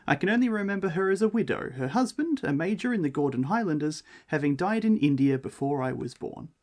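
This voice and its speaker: A man co-hosting a casual podcast, joking around and reading an old ghost story aloud with lively expression. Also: fairly high pitch, a little fast. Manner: wry, jokey, reads with lively expression.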